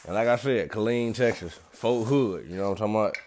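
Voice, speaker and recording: Young guy vlogging, low voice, slangy and cussing a lot, just talking to the camera. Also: fast, darkish tone, slight background noise. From Atlanta, USA. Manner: loose, slangy and profane, talks straight to viewers. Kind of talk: casual rambling vlog.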